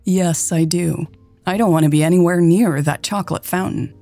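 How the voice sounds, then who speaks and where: A weary boss with a dry, exasperated edge, as a woman reading a story puts her on. The tone is dark and mellow, with a gravelly, husky grain over faint music. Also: lowish voice, fairly even intonation, normal speed, no echo, lightly acted. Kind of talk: read-aloud story dialogue.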